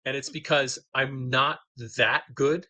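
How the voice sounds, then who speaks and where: A middle-aged man, a novelist and guest, talking about his writing in an enthusiastic, animated way. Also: mid-range voice, measured pace, no room sound, rough recording. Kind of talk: casual interview talk.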